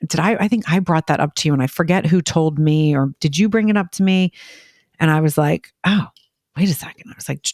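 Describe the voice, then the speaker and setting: A woman chatting casually as a parent on a podcast, telling quick, filler-heavy stories and acting out what people said. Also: deep voice, darkish tone, no echo, studio quality. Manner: rapid, filler-heavy storytelling, acting out quoted voices. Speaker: parent guest.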